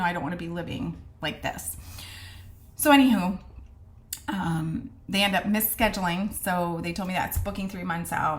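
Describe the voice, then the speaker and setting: A woman casually telling a personal story to camera, chatty and earnest, acting out the conversations she quotes. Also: on the low side. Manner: frequent fillers and restarts, earnest. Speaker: vlogger sharing a personal health story.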